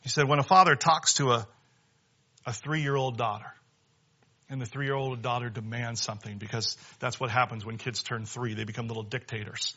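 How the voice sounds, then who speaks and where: A young male pastor delivers a sermon with animated, conversational energy. His voice is bright and forceful, swinging between loud emphasis and quiet asides. The recording sounds slightly muffled and lo-fi. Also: mid-range voice, moderate pace. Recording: dull lo-fi sound.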